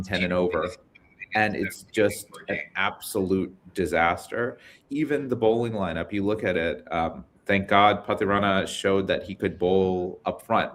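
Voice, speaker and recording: Man, guest pundit, very deep voice, frank, measured, faint room noise. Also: a bit bright. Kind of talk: live cricket discussion.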